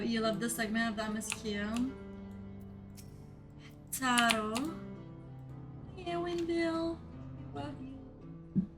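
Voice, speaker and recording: A young woman streaming a game, chatting playfully and excitably with her viewers. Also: a little high. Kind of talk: casual game commentary.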